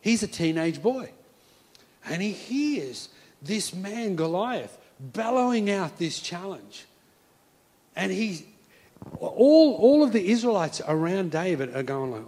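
A young adult man preaching an animated sermon, retelling a story casually and acting out its voices. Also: a little high, measured pace. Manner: lively, acts out voices, casual phrasing.

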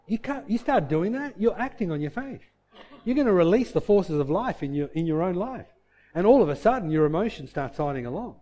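Mellow pastor preaching a sermon. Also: male voice, very animated, brisk. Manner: asks the congregation questions and answers them himself; drops to a soft, low voice for heartfelt points.

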